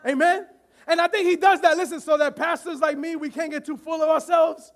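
A man preaching a sermon as pastor, animated, often shouting and laughing while acting out voices from the story. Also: very high voice, a little fast.

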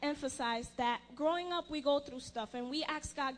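A young woman giving a personal testimony in church, earnest and halting, often restarting her sentences. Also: high voice.

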